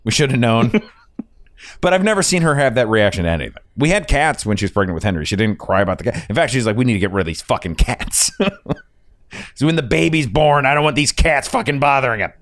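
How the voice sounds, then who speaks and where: A man's voice: medium pitch, very animated, quick pace, a bit bright, no echo, studio quality. A man hosting a podcast, chatting casually, rambling and swearing and laughing at his own stories. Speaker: podcast host. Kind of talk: casual chat.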